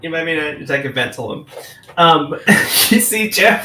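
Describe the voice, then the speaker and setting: A man narrating a tabletop game as game master, animated and giggly, with many fillers. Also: on the high side, a little slow, slight background noise. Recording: roomy echo with faint music.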